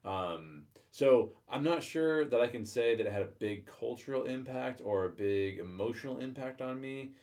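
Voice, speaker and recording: A man's voice: mid-range voice, lively intonation, moderate pace, few pauses, a little mellow. A man co-hosting a podcast who talks through his opinions hesitantly, with many ums. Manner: hesitant, thinks aloud with ums. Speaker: podcast co-host. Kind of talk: casual chat.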